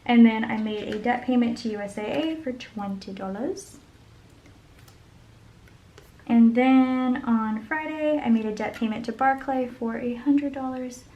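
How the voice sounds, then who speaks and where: A woman's voice: a little high, normal speed, few pauses, mellow, dull audio. A woman chatting casually as she goes over her budget, thinking aloud and murmuring sums under her breath. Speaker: budget vlogger. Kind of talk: casual talk while planning.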